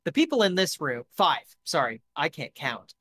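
A man's voice: a little high, big pitch swings, normal speed, a bit bright, breathy edge. A man narrating as game master in a live tabletop game, casual and loose, correcting himself as he goes.

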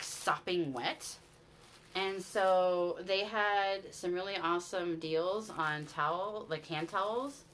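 A woman's voice: fairly low pitch, bright, forceful tone, slight background noise. A woman, chatting casually to camera about things she bought, gushing and sentimental. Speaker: vlogger. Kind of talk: casual haul chat to camera.

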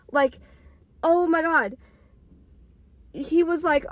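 A woman's voice: high voice, normal speed, no room sound. A woman in her twenties telling a casual storytime tale, rambling and packed with "like" fillers. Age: 20s. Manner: rambling, filler-heavy with frequent "like". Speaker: podcaster and storytime vlogger.

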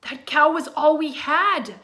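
A woman voicing a furious, upset mother who scolds in a shrill, tearful voice in a storybook reading. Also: unhurried, sharp tone.

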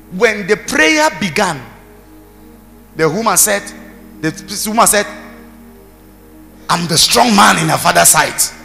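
Pastor, high and ringing, booming hall, soft music under him, punchy preaching. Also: male voice, lively intonation, slow pace, creaky, pauses often. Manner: emphatic preaching, shouting bursts, commands to the congregation. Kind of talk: sermon. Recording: reverberant hall with music behind.

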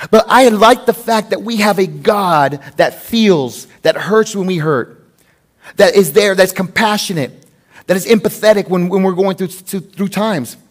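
A man preaching a sermon as pastor, mixing scripture reading with conversational, humorous personal stories. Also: high-pitched. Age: adult with a wife. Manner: conversational, animated storytelling with humor.

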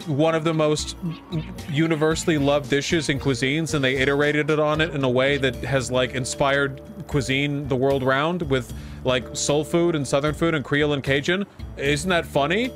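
A man's voice: a little high, steady tone, moderate pace, a bit bright, faint music behind. A man streaming a video game, ranting crudely and swearing often in casual commentary.

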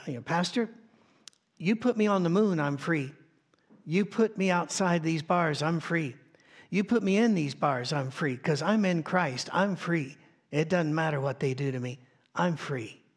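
A man's voice: fairly high pitch, breathy edge. A man preaching a sermon as pastor, telling stories conversationally and often restarting his sentences. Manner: conversational storytelling with frequent restarts. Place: church sound stage.

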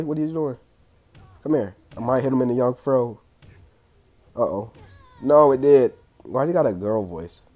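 Young dude yelling at a wrestling game, throat all clogged, lots of slang and trash talk. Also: male voice, mid-range voice. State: congested throat. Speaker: gaming channel host. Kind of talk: casual gameplay commentary.

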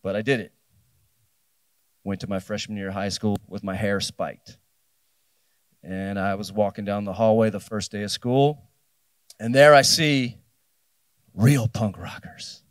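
A man's voice: fairly low pitch, fairly even intonation, a little slow, pauses often, clear, resonant tone, no echo. A man in his fifties from New Jersey, telling a personal story on a festival stage and acting out the dialogue. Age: 50s. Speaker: keynote speaker. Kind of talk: live storytelling talk.

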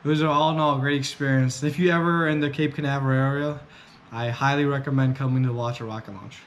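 A man's voice: medium pitch, steady tone, fast, lo-fi sound, noisy background. Chatty young man vlogging. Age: young adult. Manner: chatty, joking, rambling. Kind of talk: casual vlog narration. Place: outdoors on a pier by the water.

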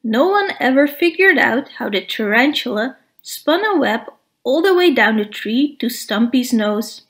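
A woman reads a children's storybook aloud in an expressive, high voice. She takes a slow, unhurried pace.

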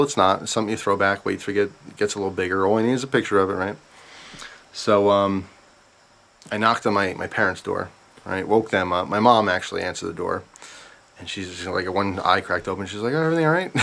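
A man with a somewhat low voice talks straight to his viewers in a relaxed storytime vlog. He rambles through the tale with animated energy and keeps stopping for side comments. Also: creaky. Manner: rambling, animated retelling with asides. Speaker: vlogger. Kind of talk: casual storytime.

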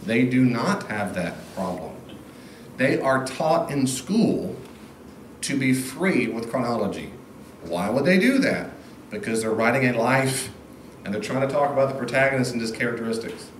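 A man gives an informal Bible lecture to a class, switching into little acted-out voices to make his points. His mid-pitched voice rings around a reverberant room, and a faint background ambience hangs under everything he says. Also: moderate pace, a little hiss or hum. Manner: animated, acts out quoted voices. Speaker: Bible teacher.

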